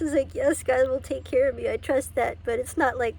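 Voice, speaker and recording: A woman's voice: high voice, steady tone, a little fast, gravelly, darkish tone, husky. A woman giving an emotional personal testimony on her vlog, tearful and laughing between words. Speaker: faith vlogger.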